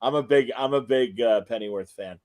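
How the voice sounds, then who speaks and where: A man co-hosting a casual fan chat, enthusiastic and animated. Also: medium pitch, brisk. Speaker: podcast co-host.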